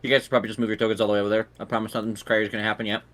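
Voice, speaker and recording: A man's voice: lowish voice, level tone, racing, a bit bright. A young man running a tabletop game as game master, narrating in a casual, rambling way with fillers.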